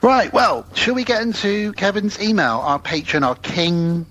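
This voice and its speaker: A man's voice: high-pitched, big pitch swings, measured pace, fairly bright tone, highs cut off. A British man co-hosting a casual podcast, chatting easily and reading a listener's email aloud. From United Kingdom. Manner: easygoing, chatty, laughs often. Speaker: podcast co-host.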